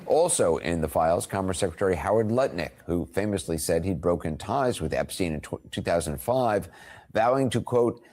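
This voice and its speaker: A male anchor with a very low voice reads the news in a steady, formal cadence. His delivery is measured and scripted, each sentence cleanly paced for broadcast.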